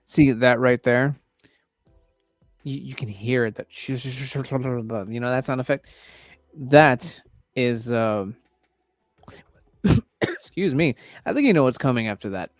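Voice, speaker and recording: A man's voice: medium pitch, animated, a little slow, long pauses, no room sound, studio quality, faint music behind. A man hosting a casual livestream, talking loosely and swearing freely as he reacts to trailers. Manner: loose, profane, chatty. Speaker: livestream host reviewing trailers.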